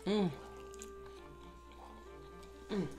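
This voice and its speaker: A woman's voice: drawn-out words, warm tone, roomy sound, faint music behind. A middle-aged woman hosting an eating video, chatting to viewers between bites with lots of appreciative hums. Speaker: mukbang host. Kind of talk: casual eating chat.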